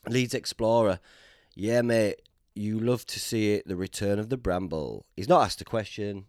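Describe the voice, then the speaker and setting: A man's voice: lowish voice, moderate pace, darkish tone, no room sound, clean studio sound. A young man with a Yorkshire accent hosting a podcast, joking around in casual chat. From Yorkshire, England. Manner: playful, jokey banter with bursts of laughter. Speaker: podcast host.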